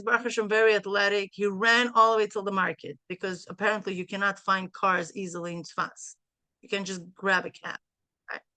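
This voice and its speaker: A woman's voice: mid-range voice, a bit bright, no echo. A middle-aged woman telling a family story to a group, acting out both sides of a phone call and mixing in Hebrew phrases. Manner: sprinkles in Hebrew and Yiddish phrases. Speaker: mastermind group leader.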